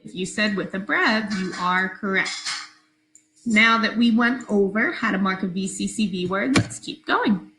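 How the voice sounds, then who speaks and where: A woman teacher giving a recorded phonics lesson to her class, speaking slowly, clearly and patiently. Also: medium pitch, echoey room, background noise.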